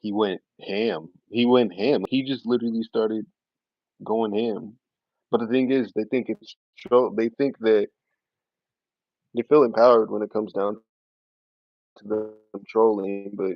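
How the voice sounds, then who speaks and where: A man's voice: lowish voice, no room sound. Laid-back slangy young man streaming. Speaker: streamer talking to his live chat. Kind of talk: casual live-stream chat. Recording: dry, slightly dull lo-fi audio.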